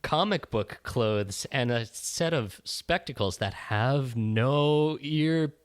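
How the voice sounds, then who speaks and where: A man's voice: medium pitch, animated, slow pace, smooth. A man hosting a comedy movie recap podcast, narrating in a playful, theatrical way. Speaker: podcast host.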